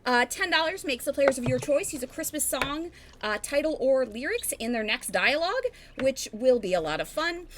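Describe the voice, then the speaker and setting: A woman's voice: high voice, expressive, moderate pace, background noise. A woman hosting a tabletop game stream, chatty and rambling as she reads announcements. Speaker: stream host.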